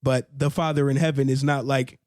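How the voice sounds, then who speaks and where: A man's voice: medium pitch, flat delivery, fairly quick, darkish tone, dry recording, clean studio sound. A young man co-hosting a casual faith podcast, earnest and laughing often, sometimes searching for words. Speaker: podcast co-host.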